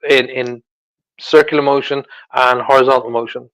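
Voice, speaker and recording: A man's voice: mid-range voice, normal speed, dry recording, rough recording. A man, a psychic medium guest, chatting in a casual interview and animatedly acting out what he describes with sound effects. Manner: animated storyteller, acts out sounds.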